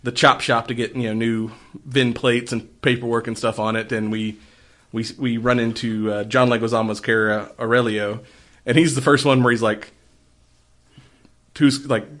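Man, podcast co-host, loose rambling recap style, middle pitch. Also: flat delivery, a bit bright. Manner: rambling, retells scenes with quick put-on voices. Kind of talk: casual movie discussion.

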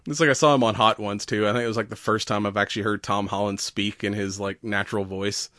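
A man's voice: lowish voice, steady tone, moderate pace, pauses often, fairly bright tone, no room sound, studio quality. A man co-hosting a podcast in casual chat, retelling a film with acted-out lines, laughing often and swearing freely. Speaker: podcast co-host.

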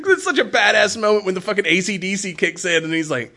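A man's voice: sits high, fast talker, vocal fry, few pauses, bright, forceful tone. A man in casual podcast chat, retelling movie scenes with quoted lines, laughing often and swearing freely.

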